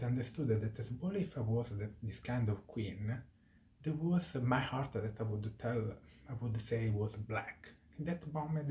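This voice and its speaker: A man's voice: medium pitch, mellow, a little hiss or hum. Earnest man in an echoey room. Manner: earnest, heartfelt, searching for words. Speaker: vlogger. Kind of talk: personal monologue to camera.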